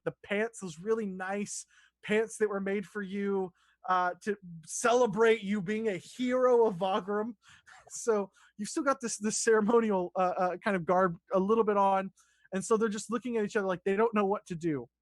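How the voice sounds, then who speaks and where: A man's voice: high voice, no echo. A man runs a tabletop game as its dungeon master. He narrates loosely, restarting sentences and swearing now and then. The recording is close and dry.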